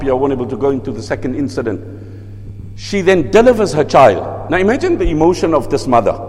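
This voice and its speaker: A male preacher giving a sermon, telling stories with lively asides and chanted recitation. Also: a little high. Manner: storytelling, lively asides, mixes in Arabic recitation. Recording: long hall reverb.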